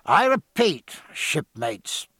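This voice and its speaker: A man voicing a ship's captain giving loud, clipped orders to his crew in a storybook reading. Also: fairly high pitch, big pitch swings, brisk, vocal fry, husky, no echo, clean studio sound, heavily acted. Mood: commanding. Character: commanding male ship's captain addressing crew.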